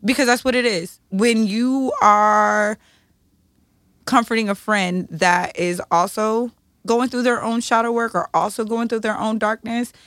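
A woman's voice: mid-range voice, a bit bright, no echo. Blunt, profane woman podcaster, dry close mic. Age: 30s. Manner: blunt, profane, emotional and confessional. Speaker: podcast co-host. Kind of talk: candid podcast conversation.

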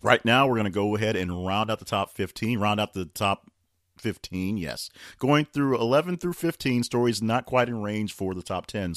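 A man with a very low voice hosts a weekly news roundup podcast. He reads headlines and quoted lines aloud, then chats loosely around them with the odd restart. The sound is dry, with no room behind him. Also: dry recording. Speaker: podcast host.

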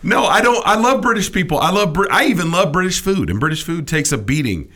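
A man's voice: sits high, big pitch swings, fast, pushed and bright. A middle-aged man co-hosting a casual comedic chat, ranting with opinionated, mock-indignant energy. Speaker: podcast co-host.

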